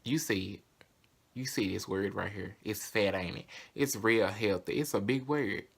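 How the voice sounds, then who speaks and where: A man's voice: fairly low pitch, moderate pace, gravelly, slightly rough. A young man with a Southern US accent, talking casually and candidly to camera in a vlog. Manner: chatty, candid and sassy. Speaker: vlogger.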